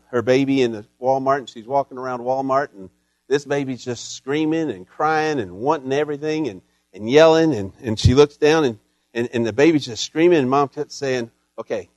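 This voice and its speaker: A man's voice: mid-range voice, a little mellow, no room sound. A middle-aged man preaching a sermon in a folksy, storytelling way with touches of humor. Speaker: pastor. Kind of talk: Mother's Day sermon.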